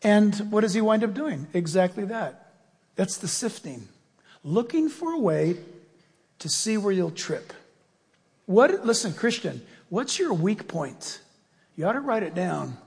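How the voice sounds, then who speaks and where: A man's voice: sits high, measured pace, creaky, breathy edge, big-room sound. A man preaching a sermon as pastor, telling stories and acting out voices as he goes. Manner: animated storytelling with acted-out voices.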